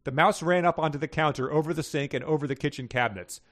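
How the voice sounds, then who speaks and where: A man's voice: fast talker, fairly bright tone. A man hosting a podcast, reading short stories aloud and chatting casually, often laughing. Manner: reads stories aloud, voices characters with raised pitch, laughs often. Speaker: podcast host reading passages. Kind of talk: read-aloud storytelling with casual chat.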